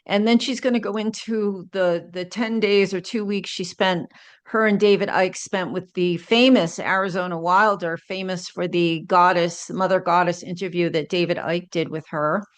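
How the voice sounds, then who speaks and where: A woman's voice: fairly low pitch, fairly even intonation, moderate pace. Chatty woman hosting an interview. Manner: chatty, friendly, laughs easily. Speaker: host. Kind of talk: interview, casual chat.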